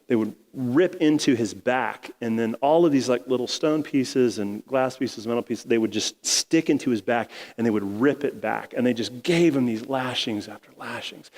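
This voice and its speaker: A man's voice: medium pitch, darkish tone, long reverb tail. A male pastor preaching a sermon in a casual, conversational way, retelling scripture in everyday slang.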